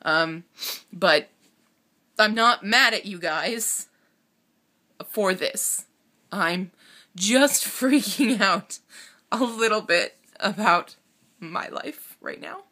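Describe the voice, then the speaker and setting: Young woman in her twenties, tearful and halting, bright tone, personal vlog confession to camera. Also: mid-range voice, expressive. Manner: halting and emotional, with nervous laughs and sighs. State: tearful, on the verge of crying. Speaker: vlogger.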